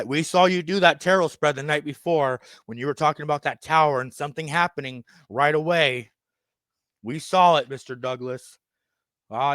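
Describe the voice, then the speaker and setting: A man delivering a profane, rambling, conspiratorial monologue, swinging between loud outbursts and muttered asides. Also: medium pitch, dry recording, studio quality. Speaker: self-styled candidate addressing viewers. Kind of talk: ranting monologue.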